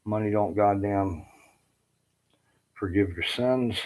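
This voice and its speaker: A man in his late fifties with a somewhat low voice rants on in a loose, rambling way. He sounds aggrieved and swears constantly as he wanders from one complaint to the next. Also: takes it slowly, darkish tone, rough recording. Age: 50s. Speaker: army veteran ranting to camera. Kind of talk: rambling personal rant.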